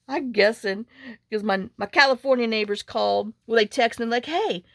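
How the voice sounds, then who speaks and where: A woman's voice: a little high, moderate pace, a bit bright, dry recording, clean studio sound. A woman vlogger chatting casually while making a journal, rambling through stories and muttering to herself as she works. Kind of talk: casual chat while crafting.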